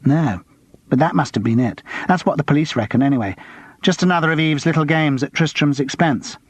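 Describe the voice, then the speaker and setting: A man's voice: on the high side, fairly quick, no room sound, natural voice. A man reading an audiobook, voicing a middle-aged amateur sleuth who asks careful, probing questions.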